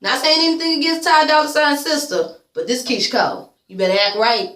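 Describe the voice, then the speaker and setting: A woman's voice: sits high, fairly even intonation, brisk, a bit bright, echoey room. A woman vlogger giving a casual recap, blunt and sassy, swearing freely and calling people "girl". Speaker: YouTube vlogger reviewing a reality show.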